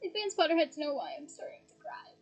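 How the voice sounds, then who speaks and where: A woman reading a novel aloud in a lively, expressive way, with emotional asides. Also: high voice, quick pace, low-quality recording. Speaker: audiobook reader.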